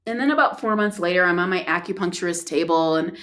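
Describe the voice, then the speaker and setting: A woman on a podcast as a guest, telling a story with animated, acted-out dialogue and frequent laughs. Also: fast. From United States. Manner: acts out quoted dialogue with big pitch jumps, laughs often.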